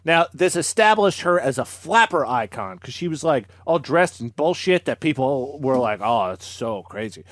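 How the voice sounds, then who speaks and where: A man's voice: on the high side, animated, moderate pace, hardly any pauses, a bit bright, dry recording, studio quality. A congested man hosting a comedy podcast, joking crudely while telling a history. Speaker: podcast host.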